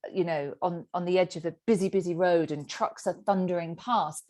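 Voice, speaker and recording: A woman's voice: on the low side, brisk. A middle-aged woman, a sobriety coach teaching a group session and acting out the inner voice. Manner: animated, acts out inner voices.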